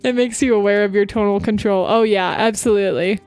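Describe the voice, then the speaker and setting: A young woman VTuber chats casually on her livestream, giggling as she reads voice acting drills with exaggerated pacing and emphasis. Her mid-range voice is steady, fairly quick, smooth and darkish, recorded with no room sound over soft background music.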